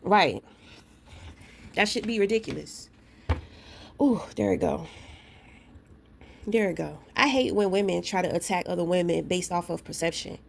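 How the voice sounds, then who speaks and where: A woman's voice: fairly low pitch, moderate pace, vocal fry, long pauses, a little hiss or hum. A woman and parent ranting to her camera in a blunt, profane, confrontational way, telling a story full of asides. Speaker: vlogger. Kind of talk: casual rant to camera.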